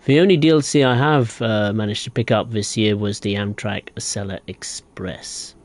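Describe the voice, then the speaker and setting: A man's voice: fairly low pitch, normal speed, no room sound. A young man live-streaming a train game, chatting casually and answering viewers in a rambling way. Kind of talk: live gameplay commentary.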